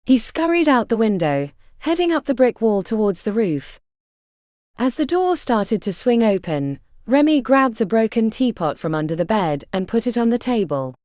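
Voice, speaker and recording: A woman narrating a fantasy audiobook in an expressive, scripted reading. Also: a little high, normal speed, dry recording, clean studio sound.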